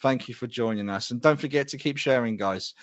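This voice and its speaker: A man's voice: mid-range voice, fairly quick, no echo, lo-fi sound. A middle-aged man hosting a live show, chatty and self-deprecating as he greets viewers by name. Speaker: host.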